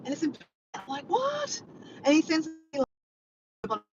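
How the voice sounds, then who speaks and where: A woman with an Australian accent chatting excitedly to her viewers in a casual vlog, calling them guys. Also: sits high, normal speed. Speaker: vlogger. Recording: dull lo-fi audio with clear background noise.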